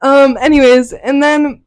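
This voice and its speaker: High-voiced giggly teen girl. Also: a little mellow, no room sound. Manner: giggly, storytelling, laughs through her words. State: laugh-crying. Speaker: podcast co-host. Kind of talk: casual chat.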